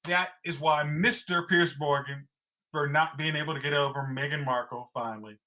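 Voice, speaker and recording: A man's voice: on the high side, steady tone, moderate pace. A man co-hosting a movie podcast, chatting casually and mimicking people mid-rant. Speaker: podcast co-host. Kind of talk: casual chat. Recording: slightly muffled audio.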